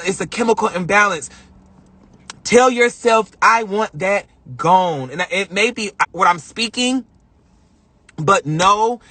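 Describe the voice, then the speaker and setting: Male vlogger, high bright voice, dry close phone sound, earnest and repetitive monologue. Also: husky, no echo. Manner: heartfelt, rambling, repeats himself. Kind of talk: emotional live-stream monologue. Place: in a car.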